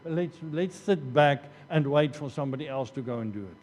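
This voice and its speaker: A man's voice: mid-range voice, expressive, a little fast, darkish tone, a little hiss or hum. A man preaching a sermon as pastor, earnest, often repeating phrases and restarting. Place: church hall. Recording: long church hall reverb.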